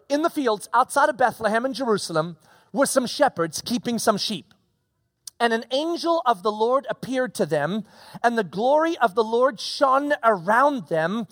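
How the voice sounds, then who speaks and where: A man preaching a casual expository sermon, animated and conversational with slangy asides. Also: very high voice, no room sound.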